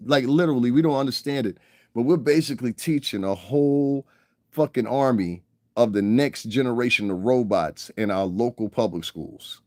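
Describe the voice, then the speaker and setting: On a casual livestream, a man rants in a profane, rambling way, laughing at his own stories and constantly asking if you understand. His voice is medium-pitched and a little mellow, at a normal speed, with clean studio sound and no room echo.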